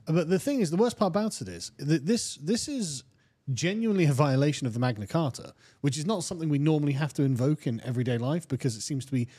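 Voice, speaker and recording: British man, slightly high, chatting easily. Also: fast talker, slightly rough. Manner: relaxed, conversational, quotes texts at length. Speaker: guest. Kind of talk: casual political chat.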